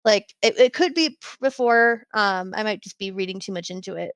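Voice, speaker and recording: A woman's voice: mid-range voice, a little fast, a bit bright, dry recording. A woman co-hosting a podcast, casually retelling scenes with quoted lines and lots of fillers. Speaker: podcast co-host. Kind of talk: casual TV recap chat.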